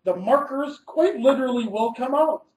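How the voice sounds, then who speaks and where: Mellow-voiced man presenting in a roomy echo. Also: extremely high pitch, expressive, moderate pace, a little hiss or hum. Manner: methodical, reads through numbered steps and stresses key words. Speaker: architect presenting a webinar. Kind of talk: scripted webinar presentation.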